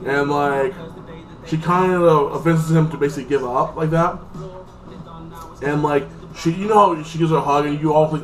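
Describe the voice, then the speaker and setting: A man's voice: fairly high pitch, fairly even intonation, normal speed. Rambling man reviewing a movie. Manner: rambling, full of "like", acts out characters. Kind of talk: casual spoken movie review. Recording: voice a bit far from the mic, faint music behind.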